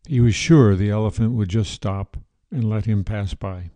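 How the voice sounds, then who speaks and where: A man narrates an old tale for his podcast in a calm, measured way. His voice sits low and is very dark and mellow, recorded dry and close with no room sound. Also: dry recording, lo-fi sound. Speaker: podcast host and storyteller. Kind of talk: scripted story narration.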